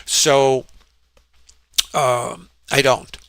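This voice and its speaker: A man's voice: medium pitch, level tone, drawn-out words, a bit bright, clear, resonant tone, no room sound. A man walking through his trades in a casual, rambling lesson, often asking rhetorical questions. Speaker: trading educator. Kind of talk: screen-share trading lesson.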